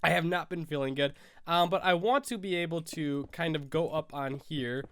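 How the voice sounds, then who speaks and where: A man's voice: on the high side, moderate pace, fairly bright tone, clear, resonant tone, dry recording. A young American man with a cold, stuffy and sniffling, rambling through casual gameplay commentary as a Minecraft YouTuber. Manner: rambling, self-correcting, sniffling.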